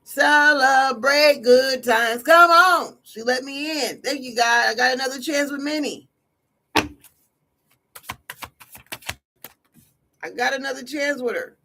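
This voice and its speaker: A tarot reader voicing a man overjoyed at being taken back by his ex, celebrating loudly over a noisy livestream. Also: sits high, moderate pace, vocal fry, few pauses, voice pushed up, full character voice. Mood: gleeful. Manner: giddy, celebrating.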